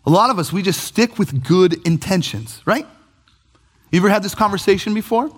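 A man delivering a sermon with a slightly raised voice. He talks to the congregation in a chatty, lively way and drops jokey asides. He keeps pushing questions back at the room. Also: sits high, a little fast. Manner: animated, conversational, jokey asides. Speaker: pastor.

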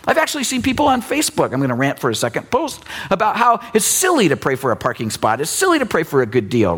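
Husky male pastor, fifties, lively sermon delivery with playful asides, slightly higher pitch. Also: fast talker, hardly any pauses. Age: 50s. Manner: animated, conversational, teasing asides.

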